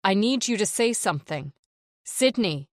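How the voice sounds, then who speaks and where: A woman narrator voicing a female emergency operator who stays calm, steady and controlled. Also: mid-range voice, a little slow, no room sound, clean studio sound, voice pushed up, lightly acted. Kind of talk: audiobook character voice.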